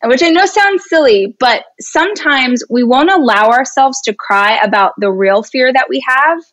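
A woman in her thirties, a guest speaker talking in an animated, expressive way during a casual interview. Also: sits high, normal speed, no room sound. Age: 30s. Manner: animated and expressive, laughs easily.

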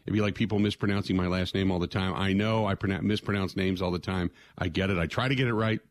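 An older man from southwestern Ohio hosts a sports radio show in a deep, steady voice, talking fast. He chats casually and rambles, circling back on himself with "man, oh man" exclamations.

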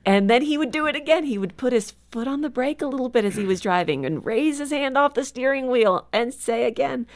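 A woman author as a guest on a faith interview show, telling stories in an earnest, reflective way and slowing down for emphasis. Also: high-pitched, lively intonation. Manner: earnest, storytelling, slows down for emphasis. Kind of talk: conversational radio interview.

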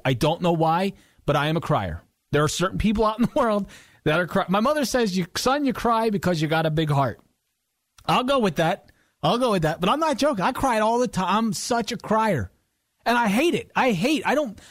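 A man with a notably high-pitched voice tells a casual, self-mocking story with lots of animation. The sound is very dry and close, with no room around it. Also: no echo. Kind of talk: casual monologue.

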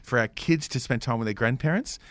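A middle-aged Australian man co-hosting a radio show, telling family anecdotes in a relaxed way with laughter. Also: medium pitch, a little fast, no room sound. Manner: laid-back anecdotal storytelling, laughing. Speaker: radio co-host. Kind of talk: casual radio chat.

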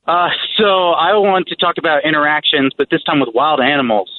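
Higher-voiced male caller on phone line. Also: no echo. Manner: casual, halting. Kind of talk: telling a story on the phone.

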